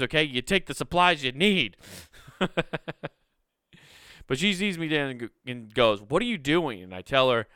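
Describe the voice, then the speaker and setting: A man's voice: a little high, pushed and bright, clear, resonant tone, dry recording, studio quality. A young man hosting a podcast, telling a story in an exasperated, profane rant. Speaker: podcast host. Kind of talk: casual solo storytelling.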